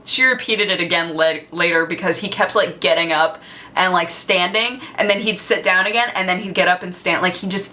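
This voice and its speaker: A woman's voice: medium pitch, sharp tone, a little hiss or hum. A woman vlogger telling a story in a chatty, casual way, with lots of fillers and frequent laughter.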